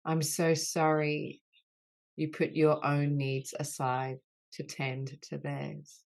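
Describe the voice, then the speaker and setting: A woman leading a guided healing session on an online group call, speaking in slow, soothing, repeated phrases. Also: low-pitched, monotone, gravelly, darkish tone.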